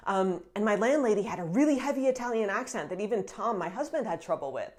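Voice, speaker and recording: A woman's voice: medium pitch, animated, fast talker, a little mellow. A woman in her thirties from the United States, talking to camera in a chatty, upbeat vlog style with frequent fillers and laughs. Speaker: vlogger. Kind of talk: casual vlog talk to camera.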